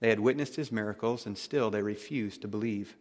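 A man's voice: fairly low pitch, brisk. Man preaching in a reverberant hall. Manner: emphatic, swings from loud declarations to hushed tones. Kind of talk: sermon.

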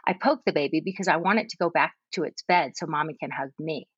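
A woman reading aloud as a confused, jealous three-year-old older sibling, in a plain, gentle storytelling voice. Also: sits low, fast talker, breathy edge, dry recording, lo-fi sound.

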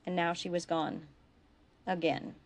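A woman reading her own fiction aloud in a steady, expressive storytelling voice. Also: fairly low pitch, unhurried.

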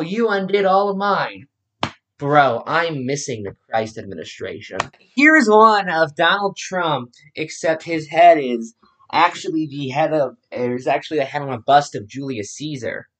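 A man's voice: on the high side, fairly bright tone. A man giving blunt, mocking commentary on forum posts. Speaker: online commentator.

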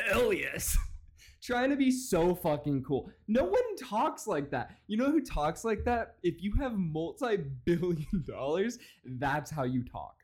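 A man's voice: sits high, big pitch swings, unhurried, few pauses, darkish tone. A man hosting a comedy podcast, ranting and mocking with lots of swearing and laughter. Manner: profane, mocking, laughs a lot. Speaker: podcast host.

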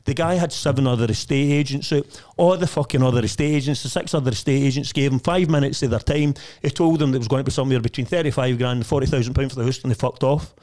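Fast-talking, foul-mouthed Scottish man. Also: mid-range voice, darkish tone. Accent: Scottish, Lanarkshire. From Lanarkshire, Scotland. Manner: swears constantly, boastful and blunt. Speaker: estate agent, podcast guest. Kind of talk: casual storytelling chat.

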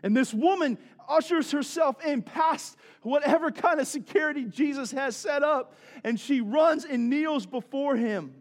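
A man's voice: very high-pitched, expressive, measured pace. A male pastor giving a sermon in a conversational way, with joking asides and questions to the congregation.

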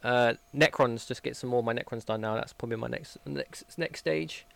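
A man in his twenties chatting as a podcast guest, cheerful but halting, with lots of hesitation. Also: mid-range voice, vocal fry, fairly bright tone. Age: 20s. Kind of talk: casual chat.

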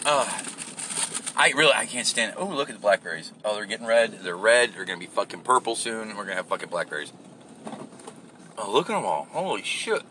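Brash, bright-voiced swearing ranter. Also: male voice, lowish voice, very animated, a little fast, a little hiss or hum. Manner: crude, sarcastic, swears constantly. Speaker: podcast host. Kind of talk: profane off-the-cuff rant.

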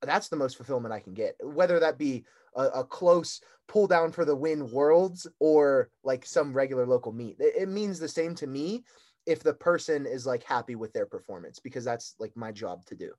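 A man's voice: medium pitch, expressive, moderate pace, darkish tone. A young man, a guest handler, talking emotionally and rambling with many filler words. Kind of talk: casual chat.

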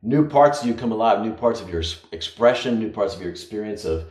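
A man co-hosting a podcast, talking in a casual, reflective way with drawn-out phrases. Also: fairly low pitch, lively intonation, darkish tone. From United States. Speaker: podcast co-host. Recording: echoey room.

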